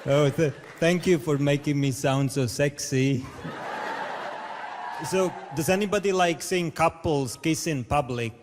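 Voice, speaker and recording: A man with a foreign accent doing awkward deadpan stand-up, halting and stammering as he goes, on a large theatre stage. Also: a little high. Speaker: stand-up comedian. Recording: long hall reverb, clear background noise.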